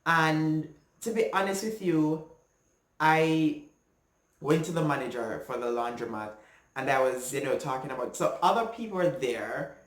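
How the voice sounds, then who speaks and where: A Jamaican man tells a personal story, earnest and animated, slipping into patois when upset. His voice sits a little high. The room around him is echoey. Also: measured pace.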